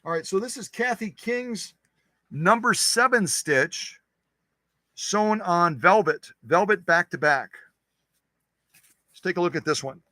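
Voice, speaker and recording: A man's voice: high-pitched, animated, takes it slowly, long pauses, sharp tone, no room sound. A man hosting a sewing machine channel, demonstrating stitches in his workshop in a chatty, joking way. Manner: chatty, joking, talks to himself while working.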